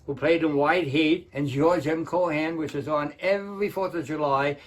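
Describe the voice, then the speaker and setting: Rambling older male comedian, husky. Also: on the high side, moderate pace. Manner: rambling, chatty, self-interrupting. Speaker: open mic comedian and impressionist. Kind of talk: open mic patter. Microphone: home webcam.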